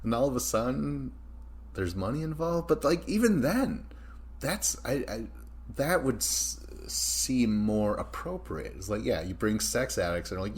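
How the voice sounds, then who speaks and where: A man's voice: mid-range voice, big pitch swings, normal speed, fairly bright tone. A man hosting a podcast in loose casual chat, rambling and swearing with a joking tone. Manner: rambling, profane, jokey. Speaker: podcast host.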